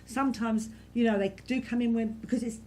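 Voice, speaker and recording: Gentle woman medium in a church. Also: a little high, steady tone, a little fast. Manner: gentle, reassuring, repetitive, many "you know"s. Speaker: spiritualist medium leading the service. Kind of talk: giving spirit messages to a congregation. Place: church hall with a congregation.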